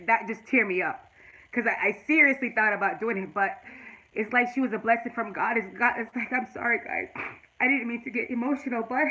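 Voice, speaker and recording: Woman in her forties, bright clear tone, slightly high voice, earnest emotional vlog chat. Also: a little fast, low-quality recording. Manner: tearful and earnest, then preachy and emphatic. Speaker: YouTube vlogger.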